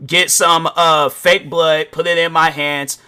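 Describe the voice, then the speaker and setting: A man hosting a casual relationship advice podcast, rambling and animated, often restarting and correcting himself as he spins a playful, petty story. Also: a little high, takes it slowly, smooth. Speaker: podcast host.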